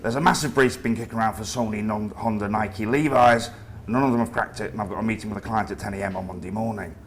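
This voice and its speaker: A man's voice: on the low side, fast talker, a little hiss or hum, close to an everyday voice. A man voicing a crude, bullying male creative director with a comedic Northern English accent, blunt and sweary. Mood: gruff bossy.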